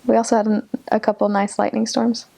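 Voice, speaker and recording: A woman's voice: fairly high pitch, vocal fry, mellow. A young woman, a returned missionary, casually telling a personal story in an interview, chatty, with frequent fillers and little laughs. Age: young adult.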